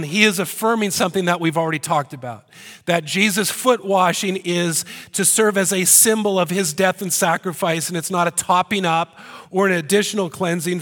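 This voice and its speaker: A man delivering a sermon as a pastor. He speaks in an animated way, mixes in joking asides, and pushes his voice up in pitch and volume to make a point. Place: church hall. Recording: long hall reverb.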